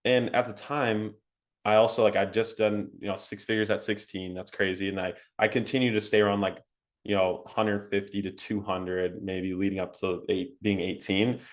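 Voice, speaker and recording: Chatty young man, low voice. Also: moderate pace. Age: young adult. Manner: animated, laughing, frequent fillers like "like" and "um". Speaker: interview guest. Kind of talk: casual storytelling interview.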